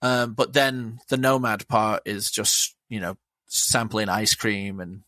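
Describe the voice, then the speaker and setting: A man's voice: lowish voice, flat delivery, takes it slowly, bright, forceful tone, dry recording. Enthusiastic man, dry sound. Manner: enthusiastic, rambling, swears freely. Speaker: podcast guest. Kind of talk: casual chat.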